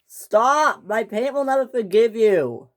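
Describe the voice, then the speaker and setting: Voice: medium pitch, a little slow, pitched above the performer's own voice, close to an everyday voice. A young storyteller voicing a whiny, vain young male steam engine in a homemade toy-train story, pleading and shrieking. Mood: panicked.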